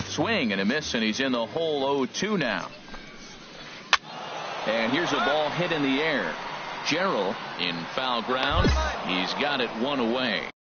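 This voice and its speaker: A man doing play-by-play for a baseball video game, calling each pitch and play in a brisk, crisp manner. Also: animated, loud music behind the voice. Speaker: play-by-play announcer. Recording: muffled game audio with background noise.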